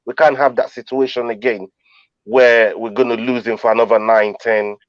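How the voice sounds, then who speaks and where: A man on a podcast panel talking football in casual chat, measured and hesitant, with plenty of restarts. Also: medium pitch, fairly even intonation, no room sound. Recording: dull dry lo-fi mic.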